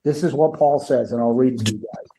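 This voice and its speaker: A man's voice: mid-range voice, quick pace, warm tone, a little hiss or hum. A man co-hosting a podcast, chatting casually about a live album with blunt, profane remarks. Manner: profane, reads notes with timestamps, mimics stage banter. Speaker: podcast co-host. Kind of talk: casual music review chat.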